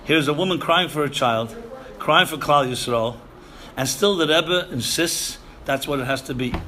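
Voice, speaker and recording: Emphatic bright-voiced man lecturing. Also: on the high side, moderate pace, a little hiss or hum. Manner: emphatic, repeats phrases, Yiddish and Hebrew terms. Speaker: rabbi lecturing seminary students. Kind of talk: sermon-style lecture.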